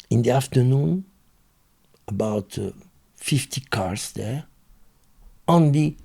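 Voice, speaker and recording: Man, French accent, native French speaker, gravelly husky voice, lively swooping pitch, animated storyteller hunting for English words. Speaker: guest. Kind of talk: anecdotal storytelling in an interview.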